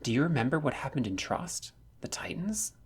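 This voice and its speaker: A man doing an anxious, higher-voiced young man. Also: very animated, normal speed, husky. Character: worried, angry young male friend.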